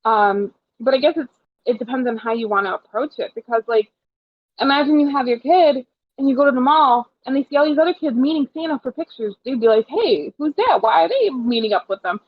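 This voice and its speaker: A young woman with a fairly high voice chats casually as a podcast co-host, full of fillers and lively retellings. The recording is dry and a little dull, like lo-fi podcast audio. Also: fairly quick, dry recording. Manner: chatty, animated retellings with many fillers. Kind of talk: casual chat.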